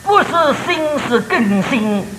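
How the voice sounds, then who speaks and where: A man preaching a sermon in short storytelling phrases, pausing for an interpreter. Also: extremely high pitch, big pitch swings, a bit bright. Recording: roomy hall reverb with faint noise.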